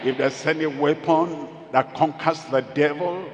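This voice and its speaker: A man preaching a sermon as pastor, repeating key phrases and building to loud, emphatic exclamations. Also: fairly high pitch, steady tone, unhurried, dull audio, background noise. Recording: long reverb of a church hall.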